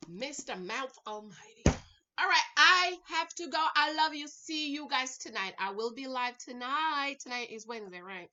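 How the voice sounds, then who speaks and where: A woman's voice: high-pitched, expressive, moderate pace, pushed and bright, lo-fi sound, a little hiss or hum. A woman recording a casual, sassy recap vlog at home, chatting to her viewers and calling them y'all, honey and girl. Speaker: reality TV recap vlogger.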